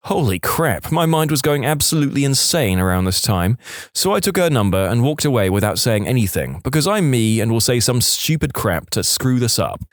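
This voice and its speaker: A man reads submitted stories aloud in brisk, matter-of-fact scripted narration. His mid-pitched voice moves a lot in pitch. It is recorded close on a studio mic in a dry space. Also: no echo. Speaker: story narrator.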